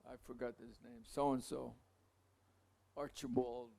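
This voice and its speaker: A man giving a masterclass, telling a long anecdote in a rambling, halting way, with asides to the audience. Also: mid-range voice, fairly even intonation, gravelly, darkish tone. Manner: halting, many restarts and fillers. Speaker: masterclass speaker.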